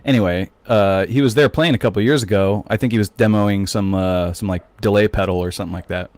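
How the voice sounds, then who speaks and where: An American man co-hosting a podcast, chatting casually and telling animated stories. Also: lowish voice, fairly quick, dry recording. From United States. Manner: animated storyteller, mimics voices loudly. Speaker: podcast co-host. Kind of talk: casual chat.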